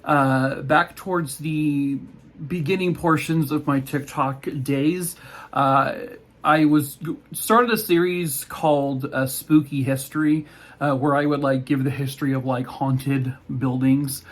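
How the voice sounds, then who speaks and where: A man's voice: medium pitch, steady tone, slow, a bit bright. A man who makes true crime videos, talking in a joking, irreverent way, with swearing and asides. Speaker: true crime TikTok creator. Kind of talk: casual chat and comedic history narration.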